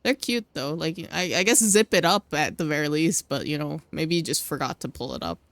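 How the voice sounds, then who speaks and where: A woman's voice: sits low, lively intonation, a little fast, no room sound. Giggly chatty woman streamer. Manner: giggly, teasing, chatty asides. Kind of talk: casual gameplay commentary.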